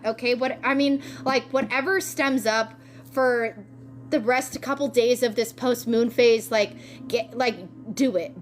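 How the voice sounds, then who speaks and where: A woman with a somewhat high voice talks through a tarot reading in a loose, chatty way. She is excitable and full of slang, and she swears freely as she goes. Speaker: tarot reader. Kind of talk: casual spiritual reading.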